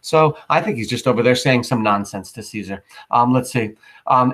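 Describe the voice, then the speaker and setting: Man, teacher, casual lesson, husky voice, middle pitch, slangy explanations. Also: moderate pace, fairly bright tone. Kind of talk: classroom lecture reading and explaining a play.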